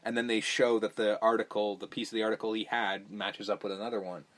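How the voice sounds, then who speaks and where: A man's voice: lowish voice, flat delivery, fast talker, a bit bright. A man casually recapping a horror movie on a podcast, swearing freely and acting out the characters' lines. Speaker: podcast host.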